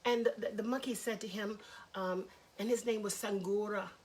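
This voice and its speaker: A woman storyteller telling a children's story with lively, chatty asides to her listeners. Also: mid-range voice, normal speed, slight background noise.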